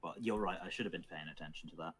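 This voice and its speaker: Acting as dungeon master for a tabletop game, a man with a fairly low, slightly rough and a bit bright voice narrates rolls, hits and damage in a matter-of-fact way to keep his players updated. He talks rapid-fire over soft background music.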